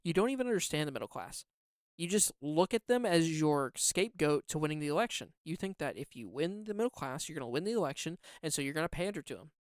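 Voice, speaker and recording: This is an indignant political commentator in mid-rant, piling up complaints and repeating words for force. The voice is smooth and resonant. The recording is dry and close, with no room sound. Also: medium pitch, lively intonation, fast, dry recording. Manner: heated, indignant ranting. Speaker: podcast co-host.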